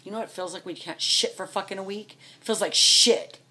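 A middle-aged American woman venting furiously to camera, swearing constantly and swinging between loud outbursts and low, seething mutters. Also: fast, slightly rough. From United States. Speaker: vlogger, trucker's wife. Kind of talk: angry venting rant to camera.

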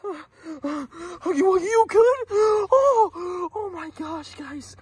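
A gaming channel host giving frantic, excitable gameplay commentary, often shouting. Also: extremely high pitch, extremely slow, no echo, studio quality.

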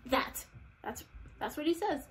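A woman's voice: high voice, expressive, a little slow, slight background noise. A young woman vlogger giving casual, chatty commentary while playing a game, with giggly, exaggerated reactions. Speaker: gaming vlogger.

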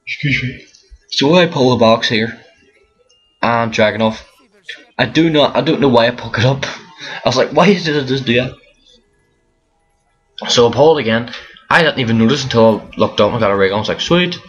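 A man's voice: mid-range voice, fairly quick, long pauses, fairly bright tone, faint music behind. A tired young man giving rambling casual commentary over a zombie game, often restarting his sentences. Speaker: gaming commentator. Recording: dull lo-fi mic with faint hiss.

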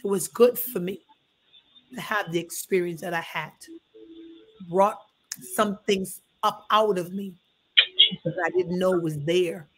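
A woman's voice: lowish voice, fairly even intonation, a little slow, pauses often. A middle-aged woman pastor preaching at a Bible study in a folksy, emphatic way, often calling listeners honey.

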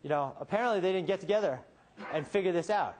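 A defense attorney making a closing argument to a jury, pressing rhetorical questions with dramatic pauses and sudden shifts between quiet and emphatic. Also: male voice, high voice, a little hiss or hum. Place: courtroom.

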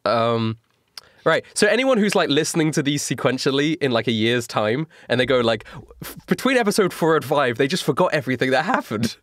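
A man's voice: medium pitch, sing-song, brisk, fairly bright tone, no room sound, clean studio sound. A man running a tabletop game as game master, recapping events in a casual, laughing way with fillers.

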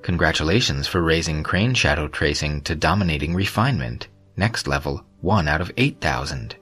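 A man voicing a game-like system interface that announces upgrades in a flat, formal way. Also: rumbling low, moderate pace, slightly rough, faint music behind, exaggerated voice. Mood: announcing.

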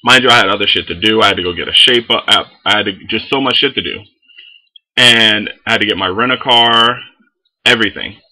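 A young man telling a story in a casual vlog, animated and full of swearing. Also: on the low side, a little fast, low-quality recording. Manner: animated, heavy swearing, lots of fillers. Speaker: vlogger.

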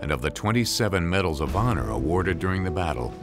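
A man reading scripted documentary narration in a measured, solemn way. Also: sits low, expressive. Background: music.

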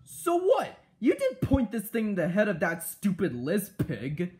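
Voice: mid-range voice, huge pitch swings, unhurried, darkish tone. A performer voicing a bossy, dim-witted male pig king who whines and demands, in a fan cartoon. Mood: indignant. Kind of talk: fan-made cartoon voice acting.

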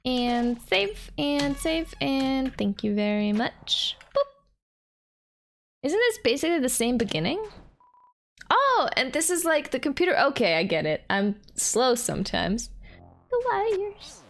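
A woman's voice: high voice, sing-song, unhurried. A young adult woman streaming a game in casual commentary, playful, giggly and self-mocking. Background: faint game music.

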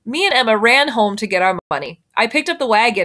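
A woman reads a children's novel aloud with a slightly high, light voice. Her narration stays gentle and even, moving steadily through the story. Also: fairly quick. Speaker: reader.

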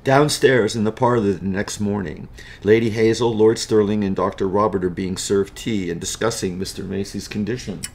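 A man narrating a spooky storybook tale in a dramatic, measured way. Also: on the low side, fairly even intonation, gravelly, a little mellow, a little hiss or hum.

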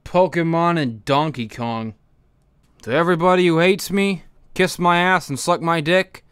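A man hosts a comedy podcast and wraps it up with deadpan, profane jabs at his audience. His voice sits high for a man and sounds smooth, recorded close and dry. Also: unhurried, dry recording. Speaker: podcast host.

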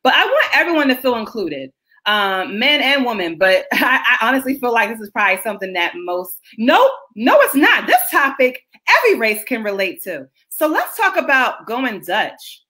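Woman host, fairly high voice, bright tone, chatty, explaining, video call. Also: very animated, normal speed. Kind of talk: casual livestream chat.

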